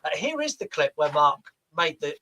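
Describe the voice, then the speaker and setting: Male podcast host, bright voice, faint background noise, dry segues. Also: a little high, very animated, normal speed. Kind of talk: casual podcast hosting.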